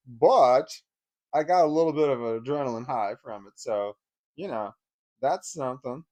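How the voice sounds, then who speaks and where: A man rambling through a personal story to the camera. He swears freely, laughs as he talks and often restarts his sentences, with a medium-pitched voice. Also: very animated, normal speed, darkish tone. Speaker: divorced father telling a story.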